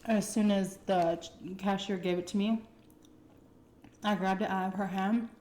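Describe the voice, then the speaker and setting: A young woman vlogger casually telling a personal story while eating, animated and swearing freely. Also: medium pitch, measured pace, roomy sound, a little hiss or hum. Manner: animated, conversational, acts out quotes, swears freely.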